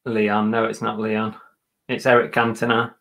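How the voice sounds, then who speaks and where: Bright-voiced jokey man. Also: on the low side, monotone. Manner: jokey, halting, restarts with ums. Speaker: co-host of a reselling live show. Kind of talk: casual live-stream chat.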